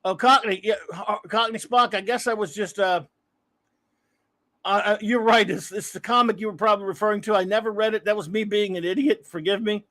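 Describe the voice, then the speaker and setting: A man's voice: high-pitched, steady tone, brisk, bright, forceful tone. A man hosting a casual comics livestream, talking in a rambling, self-deprecating way with many restarts. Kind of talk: casual chat.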